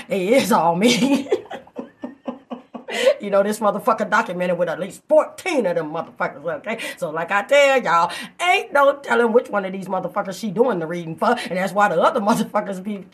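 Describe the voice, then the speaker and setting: A woman hosting a casual chat, telling stories loudly and profanely and laughing often. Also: mid-range voice. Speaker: host.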